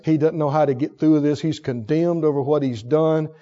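A man preaching a sermon with fervor, swinging from hushed tones to shouts. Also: on the high side, steady tone, moderate pace. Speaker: pastor. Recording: dull sound in a long-reverb hall.

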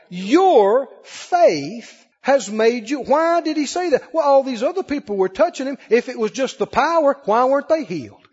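A man preaching a sermon to a congregation, with call-and-response, dramatic pauses and acted-out quotes. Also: extremely high pitch, husky. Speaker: pastor. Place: church service with a congregation. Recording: lo-fi broadcast with long hall reverb.

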